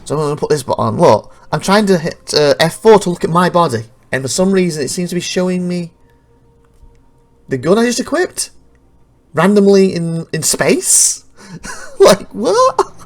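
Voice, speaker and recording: A man giving casual commentary over recorded gameplay, rambling, restarting sentences and laughing at glitches. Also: on the high side. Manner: rambling, self-interrupting, laughs at bugs.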